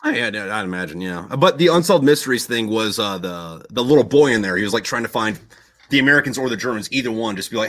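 A man's voice: fairly low pitch, expressive, fast, fairly bright tone, dry recording. A young man in casual podcast chat, telling a long story in a rambling way, swearing constantly and loosely acting out quotes.

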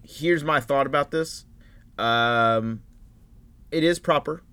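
A man's voice: medium pitch, slow, sharp tone, smooth, no room sound. A man co-hosting a casual chat, easygoing and rambling, with lots of hedges. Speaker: podcast co-host.

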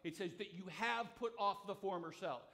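A man's voice: high-pitched, normal speed, gravelly, bright, forceful tone. A man preaching a sermon as a pastor, explaining a text in a conversational way with frequent restarts and repeated words. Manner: conversational, thinks aloud.

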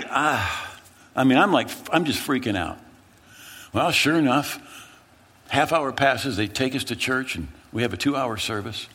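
Lively, husky-voiced male pastor preaching. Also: medium pitch, a little slow. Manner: animated, dramatic retelling with repeated phrases. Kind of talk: storytelling sermon.

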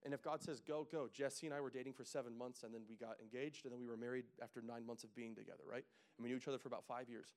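A man in his thirties preaching a casual, joking sermon that rises into loud, emphatic calls to the congregation. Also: medium pitch, fairly even intonation, racing, few pauses. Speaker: pastor.

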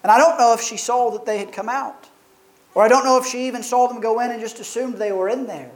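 Preacher, sermon, earnest, reflective, rhetorical questions, mid-pitched voice. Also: steady tone, quick pace, poor audio.

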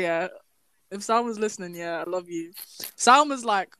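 A young woman telling a story in casual chat, animated, swearing, breaking into laughter. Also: mid-range voice, moderate pace, no echo.

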